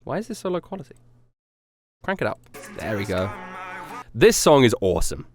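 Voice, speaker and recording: A man's voice: medium pitch, wildly swooping pitch, moderate pace, over music. A man streaming casual commentary as he ranks his own rap songs, rambling and self-critical as he talks them through.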